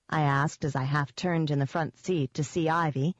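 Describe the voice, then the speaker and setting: A woman with a low, deep-set voice narrates a novel in the first person, keeping an even and wry tone. The recording is dry, with no room sound, and the audio is slightly dull and lo-fi. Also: moderate pace, dry recording.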